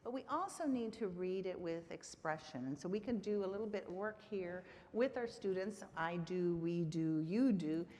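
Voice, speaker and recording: A woman presenting at a conference, her lower-pitched voice carrying through a reverberant hall. She keeps the audience engaged, checking in with "right?" as she teaches. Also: normal speed, few pauses, mellow, slight background noise. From Texas. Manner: engaging, frequent "right?" tag questions to audience. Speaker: conference presenter on literacy instruction. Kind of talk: conference lecture.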